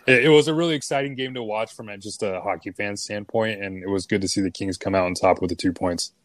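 A man co-hosting a sports podcast, giving a relaxed, rambling breakdown of a game. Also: lowish voice, fast talker, dry recording. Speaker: co-host, analytics. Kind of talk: casual sports podcast chat.

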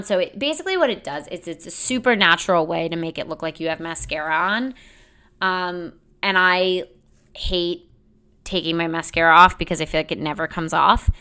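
A woman's voice: on the low side, pushed and bright. A young woman hosting a casual solo podcast, chatting in a rambling, self-deprecating way and laughing often. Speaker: podcast host.

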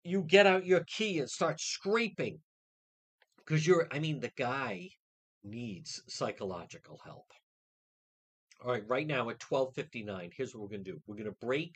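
A man hosting a radio talk show, ranting indignantly and mocking others' words in quick put-on quotes. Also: medium pitch, slightly rough.

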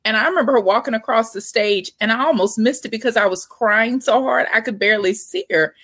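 A woman's voice: a little high, fairly quick, fairly bright tone, dry recording. A woman in her forties, a guest author and parent, talking candidly in a casual interview. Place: Texas.

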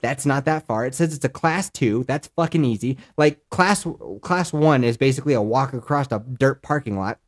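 A man's voice: mid-range voice, moderate pace, few pauses. A man in his thirties from the Colorado mountains, hosting a podcast and telling a rambling, profane story in casual chat. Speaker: podcast host.

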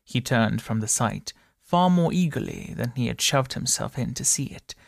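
A man reads a story aloud at a steady, measured pace on a close studio mic. His mid-pitched voice has a gravelly texture, and the recording is dry, with no room sound. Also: no echo. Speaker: narrator. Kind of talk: audiobook narration.

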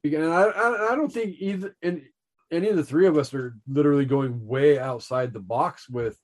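A man's voice: on the high side, fairly quick. A man co-hosting a podcast in casual chat, speaking emphatically and leaning on filler words. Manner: emphatic, repeats "literally" and "like". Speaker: podcast co-host.

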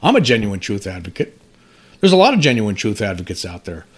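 The voice is lowish, slightly rough and swings widely in pitch: a man in his fifties who runs a UFO commentary channel. While reading an article aloud he comments casually, stumbling and starting over, and climbs higher when he's worked up.

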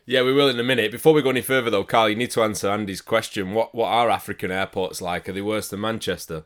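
A male host speaks quickly and briskly in a casual tone. His voice sits on the low side, and he keeps the talk moving. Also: fairly even intonation, fairly bright tone. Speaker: podcast host. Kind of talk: casual chat.

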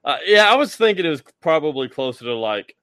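A man's voice: on the high side, sing-song, brisk, fairly bright tone, dry recording. A man co-hosting a casual podcast chat, talking in a sarcastic, mocking way. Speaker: podcast co-host.

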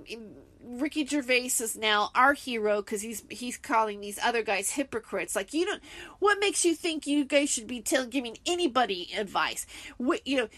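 Woman podcaster, bright tense voice, dry sound, heated solo rant. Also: on the high side, no echo. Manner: indignant, heated, rambling with fillers. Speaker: podcast host.

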